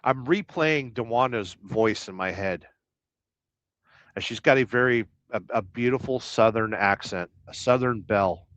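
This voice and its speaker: A man's voice: medium pitch, measured pace, a bit bright, no echo. A man hosting a casual livestream from inside his truck, chatting and joking while reading viewer comments aloud. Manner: rambling, jokey, reads viewer comments aloud. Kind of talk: casual live-stream chat.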